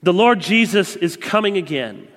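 Male pastor, 30s, lively sermon delivery, fairly high voice, long hall reverb. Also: normal speed. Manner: animated, swings from loud proclaiming to quiet confiding.

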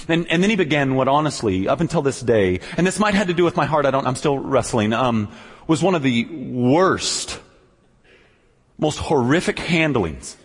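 Animated preacher telling a story in a reverberant hall. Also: male voice, breathy edge. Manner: animated storyteller, swings from low and quiet to loud, high outbursts; stammering restarts. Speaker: pastor. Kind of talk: sermon storytelling.

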